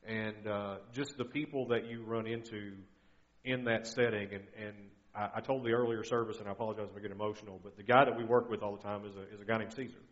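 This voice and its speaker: A man's voice: lowish voice, fairly even intonation, quick pace. Middle-aged guy preaching as a guest, earnest and chatty, keeps restarting lines, muffled lo-fi recording. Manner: conversational, earnest, many restarts. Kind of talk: sermon.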